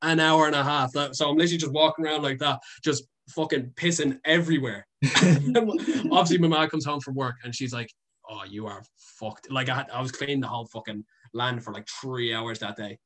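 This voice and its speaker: This young adult guest is an Irish content creator who chats casually, telling meandering stories full of filler words and curses. He speaks a little fast in a medium-pitched, steady voice with a slightly bright edge.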